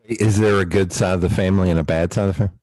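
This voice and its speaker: Deep-voiced guy hosting a podcast, chatty storyteller, laughs a lot, dry close sound. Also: rapid-fire, no echo, poor audio. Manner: animated, laughs often while telling family stories. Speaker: podcast host. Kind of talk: casual storytelling chat.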